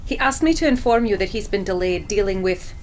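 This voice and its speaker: An actress with a Scottish accent voicing a composed female starship first officer in a video game, speaking in a brisk, formal briefing tone. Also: medium pitch, expressive, slight background noise, lightly acted.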